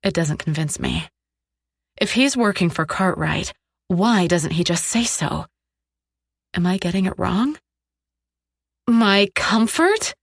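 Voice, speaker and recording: A woman narrating a dark romance audiobook in the first person, low, tense and sardonic. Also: a little slow, creaky, long pauses, slightly rough, no echo, clean studio sound.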